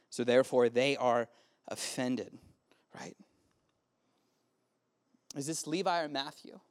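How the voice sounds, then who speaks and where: A man's voice: mid-range voice, slow, pauses often. A man in his early thirties preaching casually to a youth group, often asking the room questions. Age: 30s. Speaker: youth pastor. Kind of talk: youth sermon.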